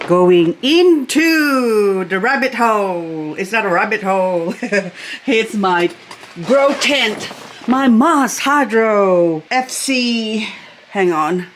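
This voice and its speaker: A woman's voice: medium pitch, expressive, takes it slowly, soft background music. A woman vlogger at home, talking casually and rambling, often laughing as she chats. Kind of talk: casual chatty vlog. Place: at home indoors.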